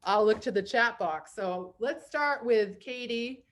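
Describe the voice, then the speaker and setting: A bubbly woman with a Boston accent hosts a comedy therapy show from a video call, bright in pitch and quick to laugh. She leads a playful word game and reads aloud with gusto. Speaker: host.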